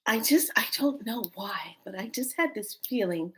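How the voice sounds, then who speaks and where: A woman vlogger telling a story in a casual way, animated and often breaking into laughter. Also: medium pitch, normal speed.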